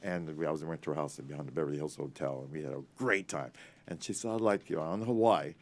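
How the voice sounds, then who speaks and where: A man in his eighties, an actor and author telling lively, rambling Hollywood stories in an interview and acting out the people in them. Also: rumbling low. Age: 80s. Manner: animated, rambling, laughing, quick to act out others. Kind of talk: anecdotal interview storytelling.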